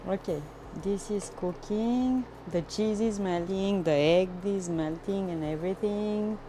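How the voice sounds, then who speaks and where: A woman chatting with her viewers while she cooks in a home kitchen, excitable and talkative, with some non-native phrasing. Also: mid-range voice, unhurried, a little hiss or hum. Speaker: cooking livestreamer. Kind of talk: casual live cooking chat. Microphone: phone.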